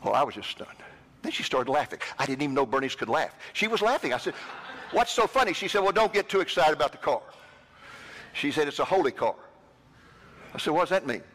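A man preaching a sermon, telling a personal story with lively quoted voices. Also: fairly high pitch, brisk. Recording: long hall reverb.

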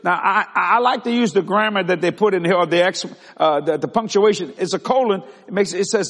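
High-voiced older man preaching in a hall. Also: brisk, few pauses. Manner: builds to loud emphatic preaching, stretching key words; calls on the congregation for responses. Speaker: pastor. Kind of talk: sermon. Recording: long reverb of a large hall.

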